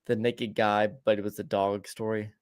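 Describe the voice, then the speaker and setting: A man's voice: lowish voice, flat delivery, normal speed, clean tone. A man co-hosting a podcast, telling a long story in a casual way, often stumbling, repeating words and restarting. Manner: laughs between lines. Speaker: podcast co-host.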